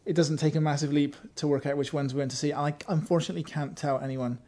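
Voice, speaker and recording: Games journo guy, high voice, wry self-mocking storytelling. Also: fairly even intonation, quick pace, warm tone. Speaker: games magazine writer, podcast regular. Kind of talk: casual podcast chat, anecdote.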